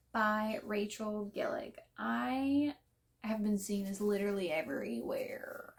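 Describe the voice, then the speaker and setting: A young woman talks casually about books she plans to read, her voice sitting a little high. She takes her time and drops in playful, self-deprecating jokes. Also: darkish tone. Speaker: book vlogger. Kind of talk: casual to-camera book chat.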